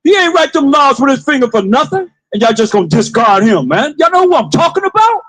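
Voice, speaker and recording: A man street preaching to passers-by, with forceful call-and-response, repeated phrases and bursts of shouting. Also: extremely high pitch, very animated, brisk, poor audio. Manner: forceful call-and-response, commands a reader to read.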